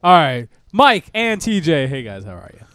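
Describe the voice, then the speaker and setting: A man hosting a casual comedy podcast, loud and joking with his co-hosts. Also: a little high, big pitch swings, moderate pace. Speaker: podcast host.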